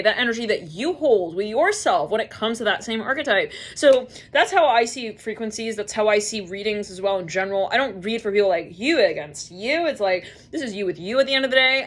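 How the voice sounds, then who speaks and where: A woman giving a rambling, chatty tarot reading, full of fillers and quick acted-out quotes. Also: mid-range voice, expressive. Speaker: tarot reader. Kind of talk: casual tarot reading monologue.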